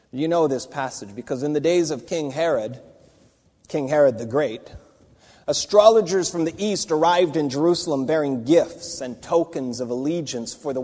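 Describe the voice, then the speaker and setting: A man's voice: medium pitch, warm tone, in a large hall. A man giving a Bible teaching, talking it through conversationally with restarts and asides. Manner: conversational, thinking aloud with fillers and restarts.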